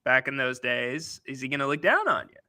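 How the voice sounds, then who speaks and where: A man's voice: mid-range voice, sing-song, a little fast, pushed and bright. A man co-hosting a casual post-game show, an easygoing sidekick giving short laughing replies. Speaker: co-host.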